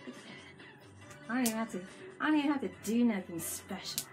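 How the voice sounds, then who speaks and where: A woman's voice: fairly high pitch, animated, fast, over music. A woman hosting a casual live stream from home, playful and teasing and laughing often. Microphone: webcam mic with fisheye lens.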